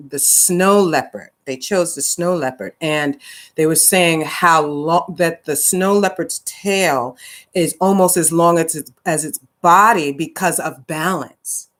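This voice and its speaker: A woman acting coach teaching a live-streamed class in a chatty, rambling way, with many fillers and restarts. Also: low-pitched. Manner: greets viewers by name mid-lesson.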